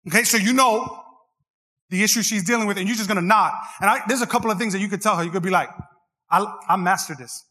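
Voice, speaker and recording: A man's voice: sits high, fast talker, pushed and bright. A man preaching a sermon, joking with the crowd and swinging into singsong rises. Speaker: pastor. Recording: long hall reverb.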